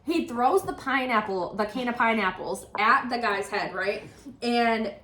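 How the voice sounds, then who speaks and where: A woman co-hosting a book podcast, talking casually and getting animated and exasperated, with lots of "like". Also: a little high, measured pace. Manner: animated, exasperated ranting with frequent "like". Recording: roomy echo.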